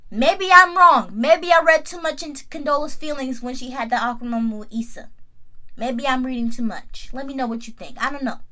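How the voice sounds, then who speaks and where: A woman's voice: high-pitched, brisk. A woman in her twenties giving a casual, slangy TV recap and talking straight back to the characters. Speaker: YouTube TV recap host. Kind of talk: casual review chat.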